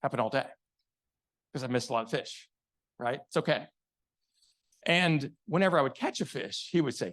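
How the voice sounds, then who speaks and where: A man's voice: medium pitch, lively intonation, moderate pace, long pauses, a bit bright. A man giving a live business talk to an audience, telling stories and asking rhetorical questions. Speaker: sales consultant giving a keynote. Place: event venue before an audience.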